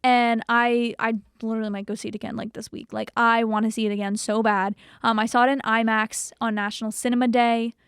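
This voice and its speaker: Gushing young woman, bright voice. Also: a little high, level tone, brisk, few pauses, clean tone, dry recording, clean studio sound. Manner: gushing, enthusiastic. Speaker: podcast co-host. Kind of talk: casual chat.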